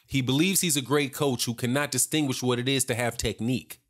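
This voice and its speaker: A man's voice: medium pitch, steady tone, a little fast. A man giving heated, sarcastic opinion commentary on boxing, repeating his points for emphasis.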